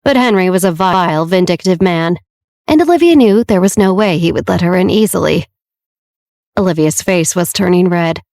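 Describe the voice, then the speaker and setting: A woman reading a romance audiobook in steady, scripted narration. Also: on the low side, normal speed, dry recording, clean studio sound.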